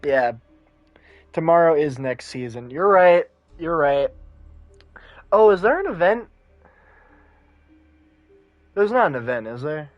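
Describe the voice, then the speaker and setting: A man's voice: a little high, lively intonation, takes it slowly, long pauses, no echo, lo-fi sound. A man streaming a game, chatting casually and playfully, with some swearing.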